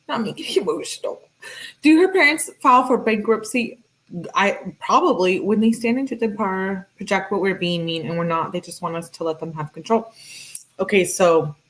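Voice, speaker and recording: Woman true-crime host, casual chatty commentary, mid pitch, lots of "like" fillers. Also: a bit bright. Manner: chatty, filler-heavy with frequent "like", laughs often. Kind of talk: casual commentary reading text messages aloud.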